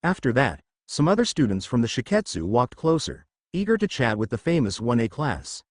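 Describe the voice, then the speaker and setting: A man narrating a fan fiction story aloud in a lively storytelling manner. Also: medium pitch, moderate pace, no echo, studio quality.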